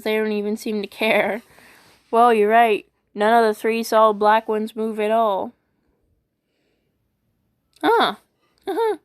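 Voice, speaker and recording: A woman voice actor reading funny internet posts aloud, animated and playful, switching voices often. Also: a little high. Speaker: YouTube voice actor.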